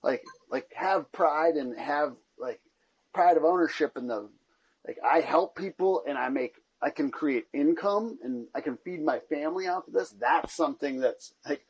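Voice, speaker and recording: A man's voice: fairly high pitch, normal speed, breathy edge, poor audio. A man hosting a podcast in casual chat, rambling with lots of "like" and "you know what I mean". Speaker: podcast host.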